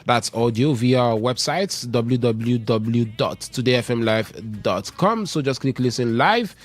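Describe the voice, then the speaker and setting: A man hosting a live radio sports show, talking through football news and reading out contact details in a brisk, repetitive way. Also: medium pitch, animated. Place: radio studio.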